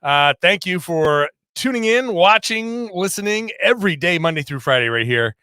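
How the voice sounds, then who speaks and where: A man chats through a basketball podcast as co-host, quick and joking, often restarting his sentences. His voice sits a little high, and the sound is dry and close with no room around it. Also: expressive, pushed and bright, smooth, no room sound. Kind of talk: casual sports podcast chat.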